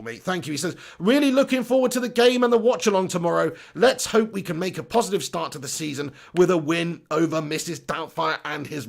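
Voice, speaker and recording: A man's voice: sits high, gravelly. A man hosting a live football fan stream, chatty and upbeat, often laughing as he reads out viewer comments. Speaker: football channel host.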